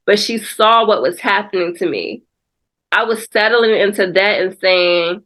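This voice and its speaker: Woman, podcast guest, mid-pitched voice, reflective, testimonial, casual faith talk. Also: unhurried, fairly bright tone. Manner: reflective, testimonial, calls listener girl.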